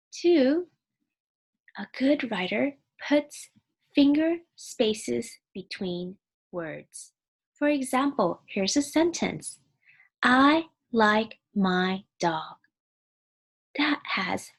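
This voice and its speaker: Kindergarten teacher, woman, slightly high husky voice, patient and clear with little kids. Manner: slow, clear, patient explaining, sounding words out. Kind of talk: recorded online lesson for young children.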